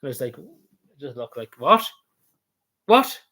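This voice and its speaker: This man, an Irish vlogger from Cavan, has a hoarse, mellow voice at medium pitch and keeps a level tone while moving at a quick pace. He rambles casually over his travel photos, circling back on things and throwing in the occasional swear word.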